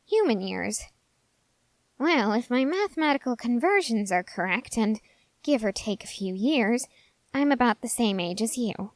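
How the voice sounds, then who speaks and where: A woman's voice: a little high, expressive, unhurried, no echo. A woman voicing a dry, sarcastic young male cat-hybrid in a whispered role-play, mildly scolding yet caring. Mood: teasing.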